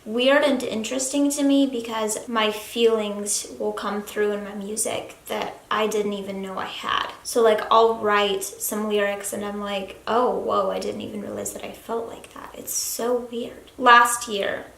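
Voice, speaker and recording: Young woman with vocal fry, confiding softly. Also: mid-range voice, fairly even intonation, measured pace, hardly any pauses. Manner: earnest, soft-spoken, sometimes dropping to a hushed whisper. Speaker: YouTube vlogger. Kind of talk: confessional talk to camera. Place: room in a busy family house. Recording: echoey room, faint background noise.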